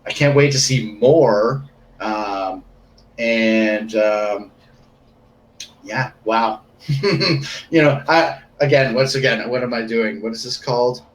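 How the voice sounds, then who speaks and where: Excitable male game master in casual chat, mid-pitched voice, rambling delivery, faint background hiss. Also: slow pace, roomy sound, rough recording. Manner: excitable, rambling, laughs often.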